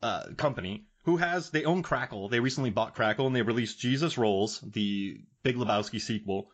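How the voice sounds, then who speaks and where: A man hosting a podcast, chatting casually and enthusiastically about movies. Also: mid-range voice. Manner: enthusiastic, fast-riffing movie talk. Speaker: podcast host.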